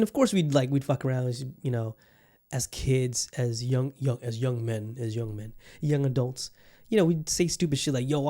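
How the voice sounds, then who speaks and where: A man's voice: a little high, warm tone. Candid, profane man in his thirties. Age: 30s. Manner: candid, profane, rambling with many restarts. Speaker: podcast host. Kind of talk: casual solo podcast chat.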